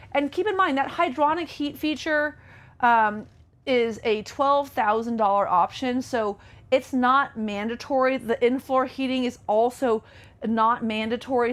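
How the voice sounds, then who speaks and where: Chatty, upbeat woman giving a tour. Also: a little high. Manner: chatty and enthusiastic, with many fillers. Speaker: RV sales presenter. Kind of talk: casual walkthrough tour. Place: inside a motorhome.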